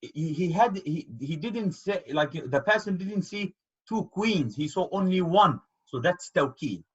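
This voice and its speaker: Teacher type, patient explainer, slightly high husky voice, muffled call sound. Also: male voice, lively intonation, moderate pace. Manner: patient, explains with repeated examples. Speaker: Arabic teacher. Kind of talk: online grammar lesson. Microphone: video call. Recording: dull lo-fi call audio.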